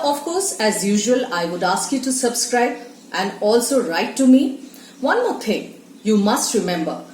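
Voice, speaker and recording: A woman teaching English pronunciation, spelling words letter by letter and explaining slowly and deliberately. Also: a little high, darkish tone, slight background noise. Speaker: English accent tutor. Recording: echoey room with faint ambience.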